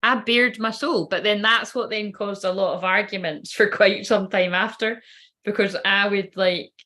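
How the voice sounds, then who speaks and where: A woman's voice: mid-range voice, steady tone, normal speed, sharp tone. A woman telling a personal story in a casual, rambling way, swearing freely and laughing often. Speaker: spiritual reader.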